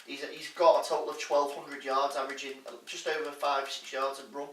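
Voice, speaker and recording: A man's voice: medium pitch, little pitch movement, a little fast, a bit bright, slight background noise. A man co-hosting a casual comedy sports chat, working through statistics with frequent hesitations. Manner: rattles off statistics with filler hesitations. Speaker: co-host giving sports stats. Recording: echoey room, mic at a distance.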